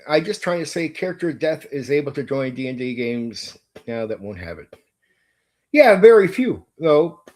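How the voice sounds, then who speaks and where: A man's voice: a little high, very animated, moderate pace, a little mellow. A middle-aged man, host of a tabletop game channel, ranting in blunt, profane casual talk and repeating himself. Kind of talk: casual opinion rant to a viewer.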